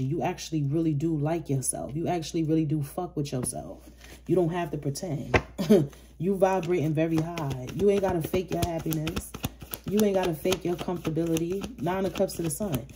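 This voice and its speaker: A woman's voice: lowish voice, dark tone, breathy edge. A woman giving a casual, chatty tarot reading to camera, cursing freely and breaking into sassy outbursts. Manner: chatty, profane, street slang, rising to sassy outbursts. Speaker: tarot reader.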